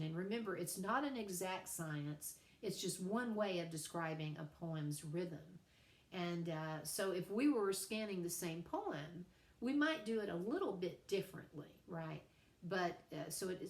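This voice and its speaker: Lower-voiced woman teacher lecturing. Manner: chatty, playful asides, frequent fillers. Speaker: writing teacher. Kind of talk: recorded class lecture. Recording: echoey room.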